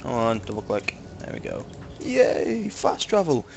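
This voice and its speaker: With huge swings in pitch, a lowish, gravelly male voice at a moderate pace delivers joking gameplay commentary alongside friends. The speaker is a young gaming video host from Manchester, England, with a Manchester accent, a chatty manner, crude humor, and many fillers, and a little hiss or hum sits underneath.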